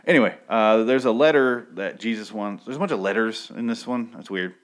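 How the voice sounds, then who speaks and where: Low-voiced man rambling through a recap. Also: fairly quick. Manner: rambling, profane, self-correcting. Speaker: TV episode recapper. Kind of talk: casual spoken recap.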